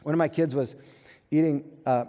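Conversational pastor in a reverberant hall. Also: male voice, a little high, normal speed. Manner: conversational and animated, acting out quoted voices; self-deprecating humor. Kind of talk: sermon.

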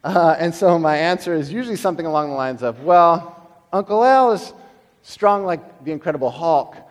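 A middle-aged man preaching from the pulpit, his voice sitting a little high for a man. He storytells with lively emphasis, then sinks to hushed, drawn-out phrases. The sound rings with the long reverb of a large hall. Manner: animated storytelling, swings between loud emphasis and quiet, slowed lines. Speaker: pastor. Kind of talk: sermon.

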